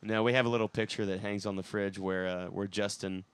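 Chill guy rambling and cussing, low smooth voice, dry sound. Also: steady tone, a little fast, dry recording. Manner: rambling, swears casually, laughs often. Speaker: band member, songwriter. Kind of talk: casual podcast chat.

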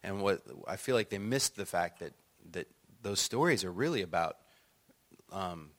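A man's voice: sits low, normal speed. A middle-aged man, an author and songwriter, telling stories in conversation and acting out quotes with laughter. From United States. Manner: animated, acts out quotes, laughs often. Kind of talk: conversational storytelling.

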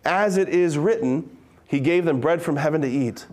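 A man delivers a conversational sermon in a slightly high, somewhat mellow voice. He reads scripture in a slow, dramatic way, then shifts into casual asides and rapid questions for his listeners.

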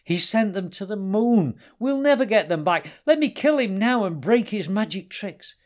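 Man voicing a snarling leopard, fierce, growling, loud, storybook. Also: medium pitch, expressive, takes it slowly. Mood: angry.

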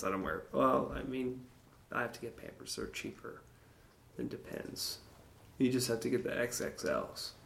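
Gravelly man rambling as a podcast host. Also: medium pitch, darkish tone. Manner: rambling, jokey, crude humor, chats to listeners. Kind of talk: casual rambling monologue.

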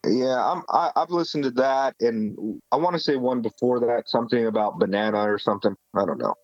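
A man's voice: medium pitch, a little fast, dry recording. A man co-hosting a podcast in casual chat, wry and joking, tripping over his starts. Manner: wry, joking, stumbling restarts. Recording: dull lo-fi sound.

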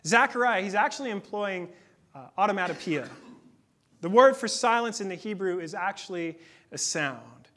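A man in his thirties preaching a sermon in a conversational, earnest way, dropping to a hush at times. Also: high voice, animated. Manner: conversational, earnest, with dramatic pauses and hushed moments. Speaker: pastor.

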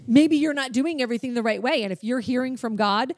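A woman's voice: on the high side, fast talker, darkish tone, no room sound. A woman co-hosting a faith discussion podcast, speaking earnestly and with emotion, often in a preaching tone. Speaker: podcast co-host.

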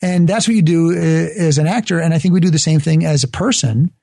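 A man being interviewed, talking earnestly and building each point with an example. His voice sits fairly high for a man. The sound is dry and close, with no room echo. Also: brisk, vocal fry, warm tone. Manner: earnest, explains ideas through examples. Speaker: guest author and speaker. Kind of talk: conversational interview.

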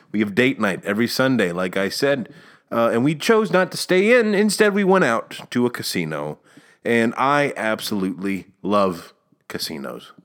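Lively, ranting young man podcaster. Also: fairly low pitch. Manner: animated, ranting, chuckles often. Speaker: podcast host. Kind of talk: casual solo rambling. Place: outdoors or near a window, planes heard passing.

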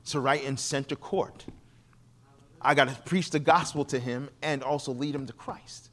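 A man preaching as a guest, telling stories from the pulpit and acting out the voices of the people in them. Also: normal speed. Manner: animated, acts out quoted people with shifting pitch. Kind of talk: sermon storytelling.

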